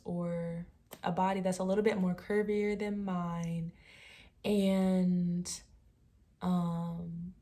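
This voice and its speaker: A young woman in her twenties vlogging, talking straight to camera in a relaxed, chatty way with soft trailing asides. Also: mid-range voice. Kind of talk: casual talking-to-camera commentary.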